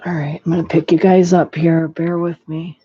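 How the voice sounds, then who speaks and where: A casual host talks through a sewing project at home, rambling and restarting mid-sentence in a mellow, dark-toned voice. The live-stream audio is dull and lo-fi, picked up by a built-in camera mic. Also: mid-range voice, little pitch movement, moderate pace, slightly rough.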